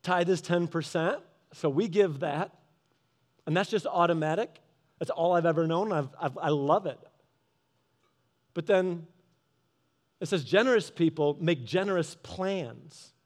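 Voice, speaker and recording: Animated high-voiced man telling a story. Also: a little slow, pauses often. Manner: animated storytelling, acting out both sides of quarrels. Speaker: Christian speaker. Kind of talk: casual devotional talk. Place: garage office.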